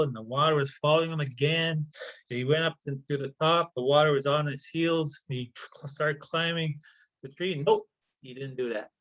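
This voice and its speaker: A man tells a traditional tale in a relaxed, conversational way over a video call. He often halts and repeats words, and breaks off for casual asides. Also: fairly high pitch, rough recording. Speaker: storyteller. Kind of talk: oral traditional storytelling.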